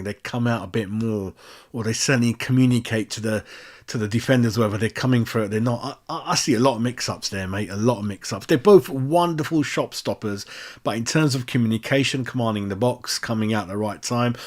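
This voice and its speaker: A man hosting a casual match-reaction chat, chatty and ranting with plenty of swearing. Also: mid-range voice. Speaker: fan channel host.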